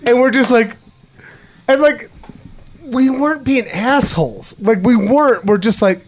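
A man chatting on a podcast, telling rambling, profane stories and acting out quotes loudly. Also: very high-pitched, measured pace, slight background noise. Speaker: podcast co-host. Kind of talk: casual profane chat.

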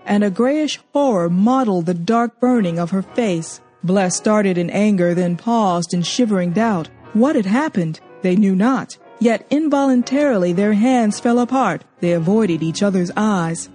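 A woman narrates a novel for an audiobook in a measured, expressive way. Her voice is dark and mellow, at a middle pitch. Faint music runs under the reading. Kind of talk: storybook reading.

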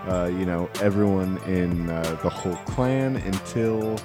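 A man co-hosting a comedy podcast, spinning absurd bits in a deadpan, drawn-out way. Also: low-pitched, over music. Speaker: co-host.

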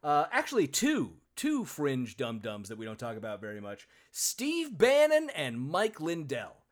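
A man hosting a casual podcast chat, animated and quick to laugh, with some swearing. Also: medium pitch. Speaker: podcast host.

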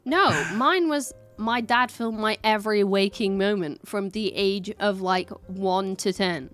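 A woman's voice: medium pitch, measured pace, a bit bright, soft background music. A young woman, co-hosting a casual chat and telling stories with lots of giggles. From England. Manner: chatty, giggly storyteller. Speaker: podcast co-host.

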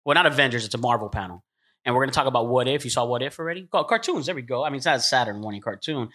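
A man hosting a casual convention chat, playful and joking, quick to laugh. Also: medium pitch, lively intonation, pushed and bright. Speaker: convention panel host.

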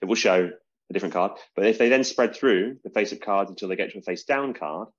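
A British man talks fast and rambles cheerfully, laughing at his own examples. His voice is a little husky and lowish. The recording sounds dull and lo-fi. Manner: rambling, self-mocking, quick. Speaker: podcast host. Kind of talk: casual chat about magic.

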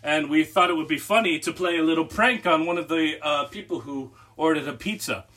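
A young man co-hosting a podcast, telling a story in an animated, laughing way. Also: a little high, a little fast. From Massachusetts, USA. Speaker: podcast co-host. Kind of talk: casual podcast chat.

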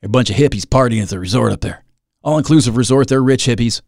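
A man's voice: mid-range voice, quick pace, creaky, a little mellow, no room sound, studio quality. A man hosting a solo podcast, rambling and self-mocking with dramatic asides. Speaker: podcast host.

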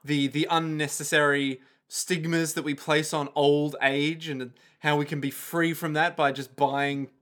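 A man's voice: a little high, little pitch movement, measured pace, few pauses, fairly bright tone. An Australian man co-hosting a podcast, trading dry, sarcastic banter in a casual chat. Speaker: podcast co-host. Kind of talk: casual comedic recap chat.

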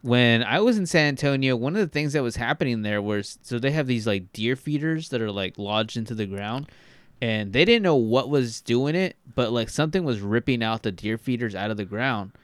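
This co-host from Texas has an animated, smooth, mid-range voice at a moderate pace, with no room sound. In casual podcast chat, he tends to ramble, restarting sentences and leaning on plenty of fillers.

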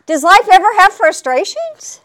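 A woman's voice: very high-pitched, big pitch swings, normal speed, a bit bright. A woman preaching in a chatty, conversational way on a faith talk show, laughing often and asking for an Amen.

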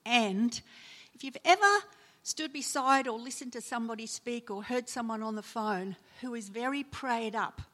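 A woman preaching a sermon, telling personal stories and acting out the people she quotes with sudden emotional lifts. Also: fairly high pitch. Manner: storytelling, acts out quoted voices with sudden loud emotional lifts. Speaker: preacher and chaplain.

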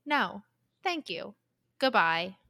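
A woman's voice: medium pitch, big pitch swings, slow, bright, forceful tone, exaggerated voice. A woman putting on a New Jersey accent to play a brash car mechanic reeling off car jargon. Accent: New Jersey, put on. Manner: clipped, listing car jargon.

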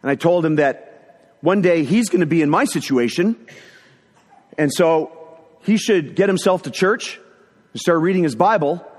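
A middle-aged man telling a personal story in a sermon, animated, acting out the voices of people in it. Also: fairly high pitch, breathy edge. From northern Ontario, Canada. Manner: animated storyteller who acts out quotes. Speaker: speaker sharing a testimony. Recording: echoey hall.

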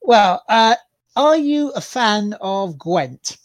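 A man's voice: sits high, lively intonation, takes it slowly, dry recording. A tired man co-hosting a casual podcast, full of wry jokes and slang. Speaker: podcast co-host.

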